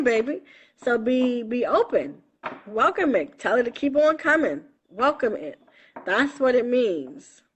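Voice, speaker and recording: A woman's voice: mid-range voice, a little hiss or hum. A woman spiritual coach in a casual live stream on her phone, affectionate and laughing often, calling listeners baby and honey.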